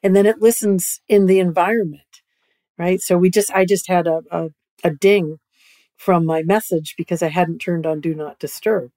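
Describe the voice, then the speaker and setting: Podcast guest over video call, woman, low and mellow, dry sound, keeps asking "right?". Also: fairly even intonation, normal speed, dry recording. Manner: repeats "right?" often, starts phrases over. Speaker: guest expert. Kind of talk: conversational explanation.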